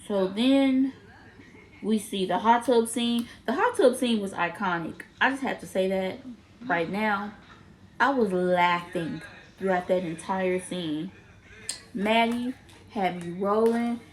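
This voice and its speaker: Young woman, slow unhurried delivery, mid-pitched voice, excitable casual TV recapper who laughs and acts out the scenes. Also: low-quality recording. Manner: animated, laughing a lot, acting out characters' lines. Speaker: TV episode reviewer.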